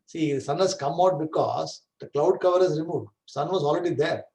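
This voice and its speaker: A man's voice: a little high, a little fast, gravelly, a little mellow, low-quality recording. A man teaching a scripture class, explaining patiently and often checking that listeners follow. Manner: explains patiently, checks understanding with "right?" and "correct?". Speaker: Vedanta teacher.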